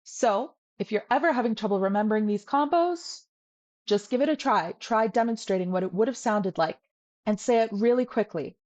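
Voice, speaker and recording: A woman teaching a language lecture, explaining rules in a playful, lively way. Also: mid-range voice.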